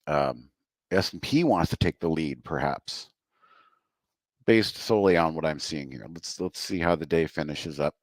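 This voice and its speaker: A very low-pitched man talks through stock charts in a live trading room, slightly out of breath from hurrying back to his desk. His delivery is casual and chatty, thinking aloud as he points things out. The sound is dry and close, with no room echo. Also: moderate pace. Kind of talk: live market commentary. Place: home desk.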